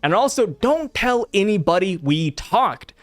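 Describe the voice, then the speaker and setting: A man voicing a male giant prisoner who quietly and insistently reminds someone of a secret promise. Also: high voice, sing-song, a little slow, no room sound. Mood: conspiratorial.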